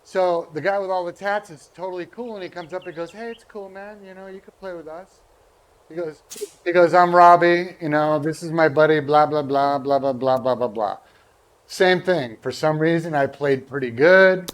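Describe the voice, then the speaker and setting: Man, slightly high voice, casual storytelling, rambling, quotes people in voices. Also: normal speed. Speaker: guest golfer. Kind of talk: casual anecdote telling.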